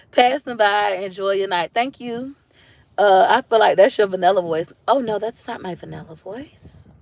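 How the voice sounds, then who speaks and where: A lively woman with an African American accent talks casually to her livestream viewers. She chats in a loose, animated way and often jumps into high, mocking voices when she quotes other people. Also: dry recording. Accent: African American English. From Tampa, Florida. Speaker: livestream host.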